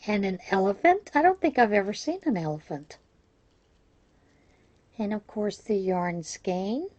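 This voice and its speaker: Mellow-voiced woman gushing over happy mail. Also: medium pitch, expressive, a little slow. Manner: chatty, gushing over each item. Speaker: yarn crafting vlogger. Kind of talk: casual unboxing chat.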